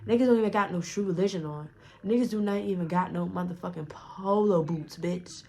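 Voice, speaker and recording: A young woman tells a story to her vlog audience in a casual, profane, rambling way, often restarting sentences. Her fairly low, mellow voice has vocal fry, and she talks briskly.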